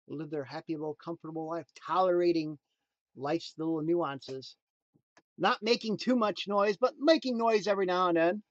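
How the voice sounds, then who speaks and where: A man giving a motivational talk in a preachy, emphatic way, swinging between loud punchlines and quiet asides. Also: fairly high pitch, no echo, highs cut off. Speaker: motivational speaker.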